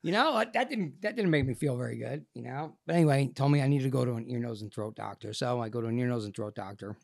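A man, an actor and podcast guest, telling a personal story in a casual, animated and profane way, acting out the people in it. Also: medium pitch, fast, gravelly, no echo, clean studio sound.

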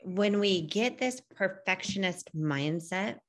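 A woman's voice: mid-range voice, lively intonation, slow. A woman in her thirties co-hosting a casual podcast conversation, earnest and reflective. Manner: earnest, reflective, acts out quoted voices. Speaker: podcast co-host.

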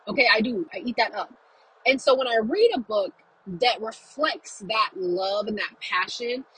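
A woman's voice: medium pitch, sharp tone, husky, low-quality recording. A young woman talking casually about books on her podcast, chatty and effusive, with asides and fillers. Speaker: book podcaster. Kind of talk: casual chat.

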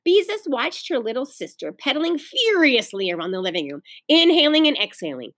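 A woman teacher reading a children's novel aloud to her class, pausing to talk to the children. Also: a little high, husky. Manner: expressive storytelling, pauses to explain to children.

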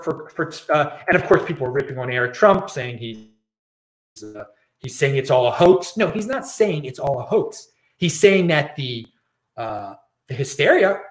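A man's voice: medium pitch, a bit bright. Ranting man host in an echoey room. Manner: ranting, repeats words and restarts. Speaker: show host. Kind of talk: casual political commentary.

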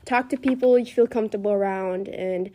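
A young woman hosting a casual chat, calmly giving advice and passing the turn to a guest. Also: mid-range voice, fairly quick. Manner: calm, gives advice, passes the turn.

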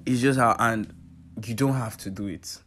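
A man's voice: mid-range voice, moderate pace. A young man with a Nigerian accent giving personal advice in a casual, heartfelt monologue, earnest and emphatic, repeating phrases for stress. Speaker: vlogger sharing personal advice. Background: soft guitar music.

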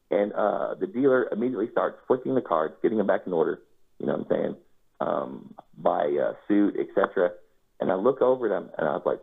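A man's voice: lowish voice, lively intonation, fast talker, vocal fry, slightly rough. A man telling a casual first-person anecdote, swearing freely and acting out his own quoted lines. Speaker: storyteller. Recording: tinny phone-like sound.

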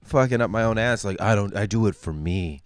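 Low, smooth-voiced male comic, casual podcast talk, halting restarts, dry close sound. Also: no room sound. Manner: rambling, frequent restarts and cursing. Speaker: stand-up comedian.

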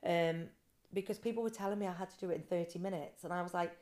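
A woman guest on a podcast, telling her swim story with animated quoted voices. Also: on the low side, quick pace. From Britain. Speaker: guest, ice swimmer. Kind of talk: casual interview storytelling.

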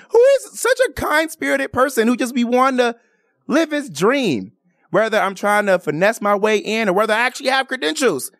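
A man, a radio host, chatting animatedly and giving shout-outs to friends and listeners. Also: high voice, dry recording, studio quality. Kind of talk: casual chat.

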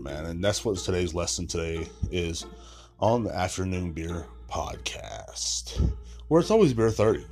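A man in his thirties hosting a podcast, telling a long story in a loose, rambling way with lots of swearing and asides, sounding tired. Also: deep voice. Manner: rambling, heavy swearing, frequent filler asides. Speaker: podcast host. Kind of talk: casual storytelling monologue.

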